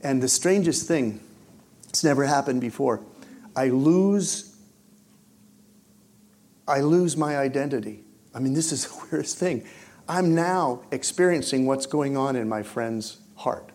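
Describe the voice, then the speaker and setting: A man preaching and telling his own story, swinging between hushed moments and loud, excited bursts. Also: mid-range voice, unhurried, long pauses. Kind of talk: testimony storytelling in a sermon.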